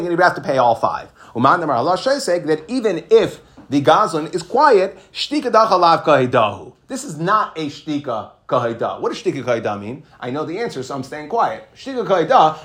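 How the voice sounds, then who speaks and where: A man's voice: a little high, fairly bright tone. A man teaching a Talmud lesson, explaining step by step, mixing Hebrew and Aramaic terms into English and checking in with "right?".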